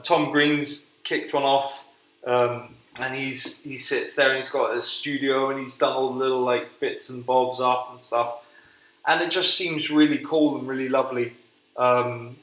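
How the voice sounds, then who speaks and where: A man's voice: medium pitch, fairly bright tone, reverberant, poor audio. A man rambling and swearing through a casual solo podcast while cooking at home, self-deprecating and unpolished. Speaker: podcast host.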